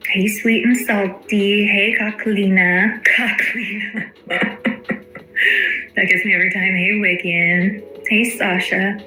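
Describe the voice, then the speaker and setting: Slow-talking chatty woman streamer. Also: medium pitch, fairly even intonation, pushed and bright. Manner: chatty, greets viewers by name, swears freely. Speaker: livestream host. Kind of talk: casual livestream chat. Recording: echoey room with faint music.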